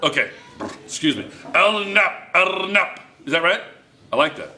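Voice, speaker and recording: A man's voice: on the high side, expressive, a little fast, pushed and bright, reverberant. A man teaching a chemistry class, playful and joking, repeating phrases to his students. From United States.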